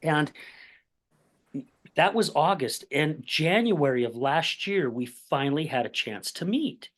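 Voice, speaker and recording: A man hosting a recovery podcast, telling a personal story in a lively conversational way, acting out what others said and often asking "right?". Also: a little high, unhurried. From Utah, USA. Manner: animated storyteller, acts out quoted voices, says "right?" often. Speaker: podcast host.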